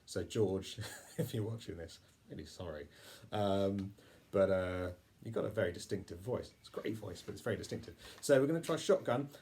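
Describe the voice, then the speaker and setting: A man's voice: fairly low pitch, lively intonation, normal speed, a little mellow. Self-deprecating man teaching ukulele. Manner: self-deprecating, apologetic, chatty. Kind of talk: casual music tutorial. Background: ukulele playing.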